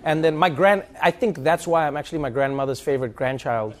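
A man from South Africa telling a lively, animated story in casual chat, slipping into other people's accents. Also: on the high side, brisk, some chatter behind, a little hiss or hum. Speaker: host.

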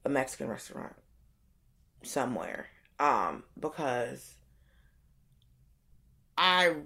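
A woman's voice: low-pitched, fairly bright tone. A young woman in casual conversation, telling stories animatedly, acting out quotes and swearing freely. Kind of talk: casual chat.

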